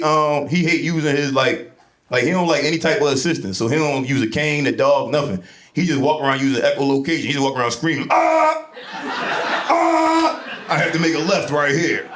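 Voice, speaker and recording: Brash high-voiced comic in a roomy club. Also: male voice, fast talker. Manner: crude, brash, shouting bits in high voice. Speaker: stand-up comedian. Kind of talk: stand-up set. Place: comedy club stage before a laughing audience.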